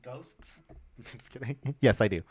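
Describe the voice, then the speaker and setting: A young man hosting a casual podcast, rambling and animated with lots of "like". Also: mid-range voice, a little fast. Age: young adult. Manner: rambling, animated, many "like" fillers. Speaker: podcast host. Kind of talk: casual chat.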